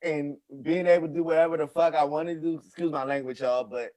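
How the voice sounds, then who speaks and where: A man with a somewhat high voice vents in a casual podcast chat. He is blunt and swears freely. He talks in quick bursts and restarts. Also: fairly even intonation, crowd noise. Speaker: guest.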